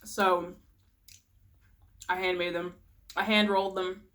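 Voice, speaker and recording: A woman's voice: lowish voice, level tone, slow pace, a bit bright. A young woman chatting casually while eating on camera, rambling, giggling and murmuring as she tastes food. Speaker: vlogger. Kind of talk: casual mukbang chat.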